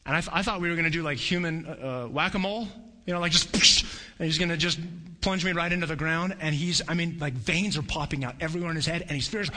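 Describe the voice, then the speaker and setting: A man preaching a sermon, telling a personal story with animated storytelling and acting out voices. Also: a little high, quick pace. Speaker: pastor.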